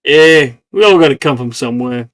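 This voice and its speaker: A game master voicing a brash, raspy-sounding male talking flower with a New York accent, pushy and wisecracking. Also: mid-range voice, expressive, no room sound, pitched below the performer's own voice, natural voice. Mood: chatty. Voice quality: raspy, smoker-like. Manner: pushy, demanding, quick-talking.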